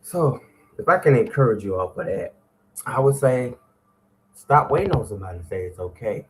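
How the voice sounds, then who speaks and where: A man's voice: mid-range voice, very animated, normal speed, a little hiss or hum. A middle-aged man, hosting a morning show with preachy, call-and-response motivational talk.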